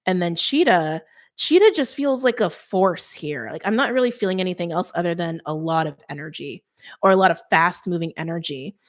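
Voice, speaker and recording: A woman doing an intuitive tarot card reading, speaking softly and earnestly and letting her emotions show. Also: lowish voice, expressive, a little fast. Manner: soft, earnest, openly emotional. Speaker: tarot reader.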